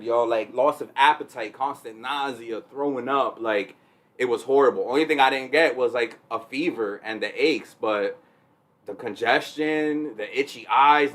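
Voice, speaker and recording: A man's voice: medium pitch, normal speed, fairly bright tone. A man on a casual podcast, telling a long story, laughing often and acting out quotes with raised voice. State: recovering from covid. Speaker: podcast co-host. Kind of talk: casual chat.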